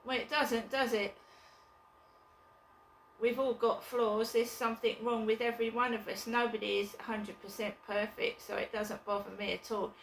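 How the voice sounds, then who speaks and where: A woman vlogging from her flat, chatting casually and bluntly in a rambling way, with occasional swearing. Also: fairly high pitch, moderate pace, creaky, roomy sound, slight background noise, poor audio. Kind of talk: casual chat to camera.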